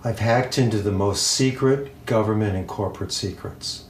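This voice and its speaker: A man imitating a male film hero, speaking in a flat, wooden monotone. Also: lowish voice, moderate pace, reverberant, a little hiss or hum, voice pushed down, close to an everyday voice.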